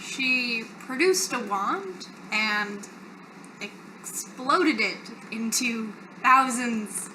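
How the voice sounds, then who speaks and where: A woman player speaks slowly and deliberately in a bright voice, probing with careful questions. A faint hiss of noise runs under her. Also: fairly high pitch, lively intonation, rough recording. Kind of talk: in-character tabletop play.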